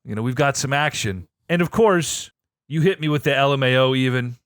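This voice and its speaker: A man co-hosting a podcast, telling a story in an excitable, profane way that swings between low asides and loud outbursts. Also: brisk, clear, resonant tone, no echo, clean studio sound. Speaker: podcast co-host. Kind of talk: animated casual storytelling.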